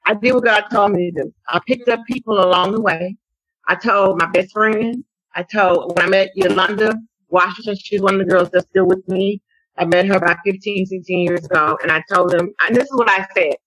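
Woman telling her story on a podcast, kinda husky, bright edge, acts out what everyone said. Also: mid-range voice, brisk, dry recording, rough recording. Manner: animated storyteller, acts out quotes. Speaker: interview guest, advocate. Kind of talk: conversational testimony.

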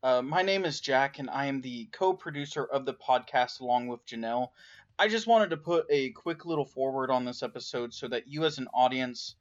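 A man's voice: mid-range voice, brisk, muffled recording. A man, the podcast's co-producer, giving a plain, explanatory introduction with many fillers. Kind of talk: spoken episode introduction.

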